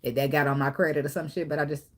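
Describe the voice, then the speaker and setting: A woman's voice: low-pitched, flat delivery, rapid-fire. A woman giving a casual tarot reading, blunt and profane, talking straight to the viewer. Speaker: tarot reader.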